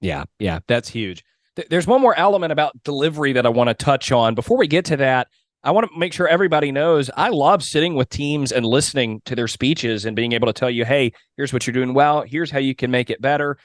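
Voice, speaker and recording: Man, podcast guest, energetic, emphatic, mid pitch, dry sound. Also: brisk, no echo. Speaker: guest, mock trial competitor and coach. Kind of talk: casual podcast conversation.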